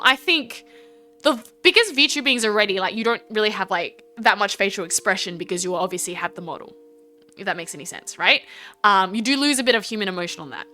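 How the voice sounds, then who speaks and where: Chatty Australian woman with a bright voice. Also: medium pitch. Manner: chatty and rambling, with many fillers and restarts. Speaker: VTuber streamer. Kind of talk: casual livestream chat.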